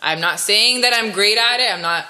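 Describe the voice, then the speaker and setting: Bright, frank young woman guest. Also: mid-range voice, moderate pace. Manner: frank, reflective, talks in long reasoned sentences. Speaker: podcast guest. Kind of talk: casual chat.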